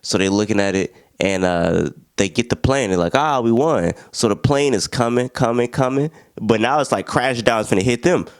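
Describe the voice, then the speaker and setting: A man's voice: medium pitch, normal speed, hardly any pauses, smooth, no room sound, studio quality. A young man, casually recapping a war movie and acting out the characters' lines. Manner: slangy, animated retelling with acted-out quotes. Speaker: film reviewer.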